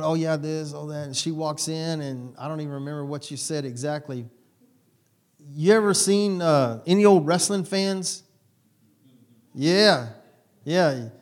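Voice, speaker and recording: A male pastor giving a sermon in a conversational, rambling way, with restarts and asides. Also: fairly high pitch.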